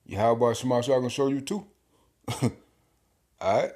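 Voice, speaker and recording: Male bible teacher, informal video sermon, emphatic and slangy, average pitch. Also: steady tone, moderate pace, a little mellow. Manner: emphatic, slangy, chuckling, repeats words.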